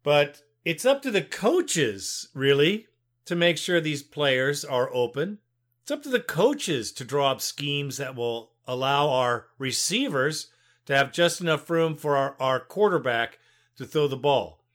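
A man's voice: a little high, lively intonation, unhurried, a bit bright. A man hosting a sports call-in radio show, speaking in a friendly, chummy way to his callers. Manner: friendly, chummy, calls listeners brother.

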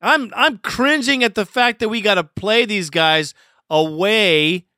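A man with a high, bright voice hosts a sports podcast and rants about a loss. The sound is crisp and dry, with no room around it. He talks casually, frustrated but still laughing now and then. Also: measured pace, dry recording. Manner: frustrated, ranting, with a laugh in his voice. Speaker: podcast host. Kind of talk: casual postgame commentary.

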